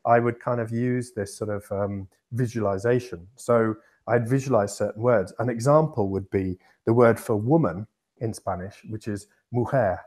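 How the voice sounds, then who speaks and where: A man's voice: lowish voice, normal speed, darkish tone. A man from England co-hosting a podcast, explaining at length in a casual, rambling way with many restarts. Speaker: podcast co-host.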